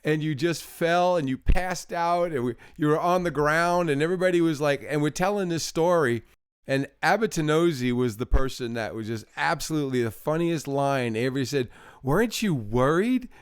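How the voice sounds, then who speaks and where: A man hosting a casual conversation, reminiscing with his guest in quick bursts. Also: a little high, smooth, no echo, clean studio sound. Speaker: host.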